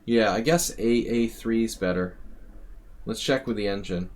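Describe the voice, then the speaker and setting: A middle-aged man with a low voice talks through a chess game on a live stream. He speaks casually into a desk mic, thinks aloud and corrects himself as he goes. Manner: thinking aloud, quick corrections, chatty asides. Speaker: chess coach analyzing subscriber games.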